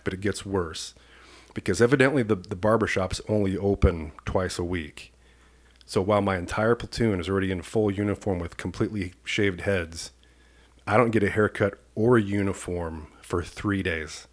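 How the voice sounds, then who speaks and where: A man from Iowa, a police commander and podcast guest, telling an animated personal story and acting out the people in it. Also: lowish voice. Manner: lively storyteller who acts out the people in his story.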